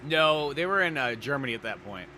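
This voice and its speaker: A man's voice: mid-range voice, lively intonation, fairly quick, pushed and bright, a little hiss or hum. A man co-hosting a podcast, chatting casually and animatedly, swearing and acting out scenes in goofy voices. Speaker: podcast co-host. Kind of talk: casual chat.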